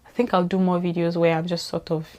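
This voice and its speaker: A woman from Nigeria with a Nigerian accent, talking casually to camera as a vlogger, animated and teasing, firing off rhetorical questions. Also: on the low side, quick pace.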